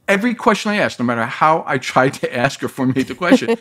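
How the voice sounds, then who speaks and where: As an interview guest, a man tells a long personal story with lots of energy, acting out the voices of the people he quotes. His voice is medium-pitched and his pace is quick.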